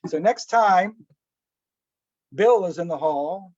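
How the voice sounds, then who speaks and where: A man's voice: high-pitched, lively intonation, takes it slowly, darkish tone, no room sound. A man giving a casual spoken lesson on breathing and meditation, asking rhetorical questions and acting out little anecdotes. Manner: conversational, asks rhetorical questions, acts out anecdotes with little voices. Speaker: meditation teacher. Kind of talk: relaxed spoken teaching talk. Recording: dull lo-fi dry recording.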